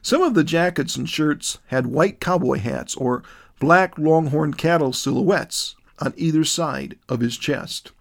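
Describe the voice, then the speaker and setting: A man narrating a detailed dream account in a measured, descriptive reading. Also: a little high, gravelly.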